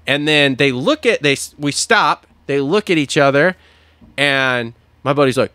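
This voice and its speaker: A man co-hosting a podcast, telling a long story in casual chat, animated and full of swearing, acting out what people said. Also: mid-range voice, unhurried, clear, resonant tone, dry recording. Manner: animated, swears a lot, acts out quotes. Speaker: podcast co-host.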